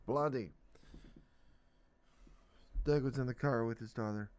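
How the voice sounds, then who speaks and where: A man's voice: mid-range voice, measured pace, clean tone. A man reading the day's newspaper comics aloud on a radio reading service, describing each panel in an upbeat, chatty way. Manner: upbeat, explains the panels between quotes.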